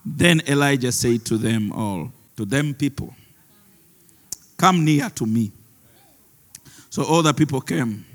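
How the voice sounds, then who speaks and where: A man's voice: mid-range voice, slow pace, pauses often. A man, a pastor preaching a sermon who laughs often and mixes in Luganda phrases. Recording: long reverb of a large hall.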